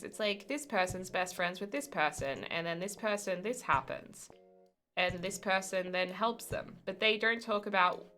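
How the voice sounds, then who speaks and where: A young woman live-streaming a game, chatting casually and thanking viewers with excited outbursts. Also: fairly low pitch.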